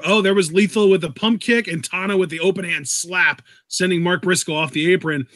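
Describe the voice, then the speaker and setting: Guy w a fairly high voice doing chatty wrestling commentary, dry close mic. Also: steady tone, a bit bright, dry recording. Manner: chatty, fact-checking, quick play-by-play. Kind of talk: casual live reaction commentary.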